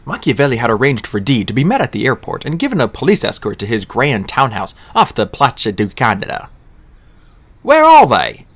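Male audiobook narrator; animated, lively reading of a novel. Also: mid-range voice, brisk, hardly any pauses.

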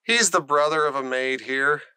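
A man's voice: fairly high pitch, normal speed, sharp tone, smooth, no room sound. A man reading aloud and voicing an old gardener who speaks in a brusque, matter-of-fact way.

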